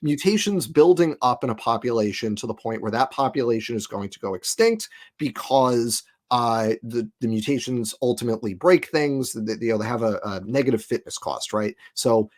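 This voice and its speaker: Emphatic, exasperated man talking. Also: mid-range voice. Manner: emphatic, exasperated, fast asides. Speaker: guest scientist. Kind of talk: casual conversation.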